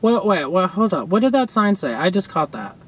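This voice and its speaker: Young male reactor, high and swooping voice, sassy and effusive, talking from a parked car. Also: big pitch swings, fairly quick, over music. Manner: gushing, sassy, loud outbursts and laughter. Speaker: reaction video host. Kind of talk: excited reaction commentary.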